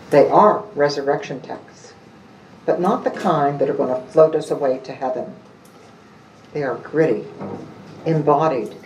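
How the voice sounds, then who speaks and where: A preacher gives a sermon in slow, deliberate phrases, each line set apart with a pause. The voice is mellow and unhurried. It was picked up from some distance in a reverberant worship hall, with a faint hum of the room behind it. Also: mid-range voice. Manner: slow, measured delivery in short phrases. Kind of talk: sermon with scripture reading.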